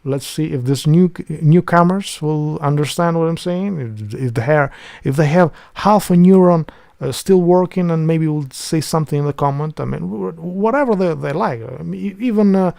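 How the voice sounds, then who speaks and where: A man's voice: fairly high pitch, normal speed, gravelly, a little mellow. A man from Albania with an Albanian accent, chatting casually and rambling on a livestream with lots of swearing. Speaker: streamer.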